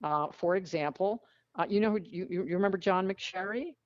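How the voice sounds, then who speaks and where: A woman tells frank, animated stories as an interview guest, blunt and lively in her delivery. The recording is muffled and lo-fi. It is also very dry, with no room sound. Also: mid-range voice, a little fast, no echo. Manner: animated, frank storyteller who acts out quotes. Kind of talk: storytelling in a casual interview.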